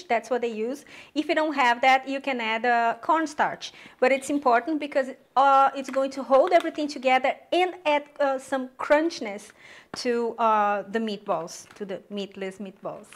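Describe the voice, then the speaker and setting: A woman hosting a cooking channel, chatting casually and upbeat as she walks the viewer through a recipe in her kitchen. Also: sits high. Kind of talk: casual cooking demonstration to camera.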